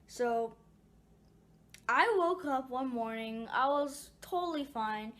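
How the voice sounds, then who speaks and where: A woman's voice: high-pitched, expressive, slow, a bit bright. Rambling woman telling a story. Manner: rambling, many fillers and restarts. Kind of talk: casual storytelling to viewers.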